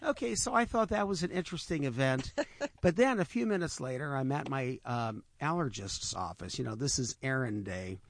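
A man co-hosting a radio show, telling lively anecdotes in a casual way and voicing the people in them. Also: mid-range voice, moderate pace. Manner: animated anecdotes with voiced quotes.

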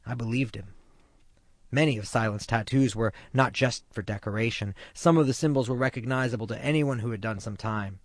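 A man narrating his own memoir of jail life in a measured, somber way. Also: medium pitch, no echo, clean studio sound. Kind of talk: first-person memoir narration.

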